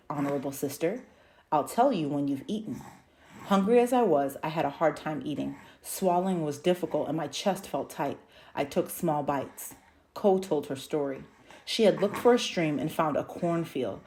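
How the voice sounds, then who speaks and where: A woman reading a novel aloud in slow, measured scripted narration. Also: sits low, a little mellow. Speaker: audiobook reader.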